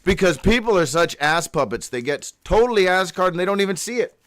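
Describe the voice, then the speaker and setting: A high-pitched man carries a daily live show alone, skipping from one odd phrase to the next with a lot of swearing. He stumbles over his own handwritten notes and now and then breaks into a loud whoop. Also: lively intonation, fairly quick. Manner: profane, free-associating, with sudden whoops. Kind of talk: rambling live monologue.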